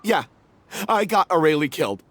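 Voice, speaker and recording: A man voicing a guilt-ridden young male actor in a video game, with a husky voice and a remorseful, confessing manner. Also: a little high, big pitch swings, normal speed, fairly bright tone. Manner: confessing, remorseful, self-loathing. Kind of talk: game voice acting.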